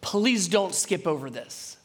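A man preaching a sermon and reading scripture aloud, animated, swinging between loud emphasis and quiet, earnest intensity. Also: high voice, takes it slowly.

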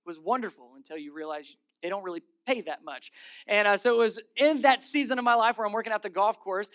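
A man's voice: sits high, fast, fairly bright tone, clean tone. A man in his thirties preaching a sermon as pastor in a church, telling stories with energy, repeating key phrases and putting questions to the congregation.

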